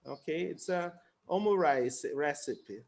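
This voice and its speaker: A man with a notably high speaking voice runs a relaxed English conversation class on a video call. He chats and laughs easily and repeats new words over and over for his students. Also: unhurried, creaky. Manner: chatty, laughing, repeats words to teach them. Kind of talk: casual online conversation class.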